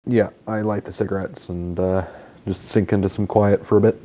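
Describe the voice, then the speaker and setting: Mellow low-voiced man at a tabletop game. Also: flat delivery, moderate pace. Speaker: player. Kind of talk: tabletop role-play chat.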